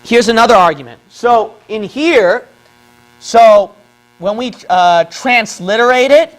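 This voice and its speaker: A man's voice: high voice, expressive, takes it slowly. A man giving a lecture from a page of notes, arguing his case and checking in with "okay?" after his points, from the Philippines. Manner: argumentative, repeats points with "okay?". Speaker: religious video presenter. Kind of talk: lecture on a whiteboard.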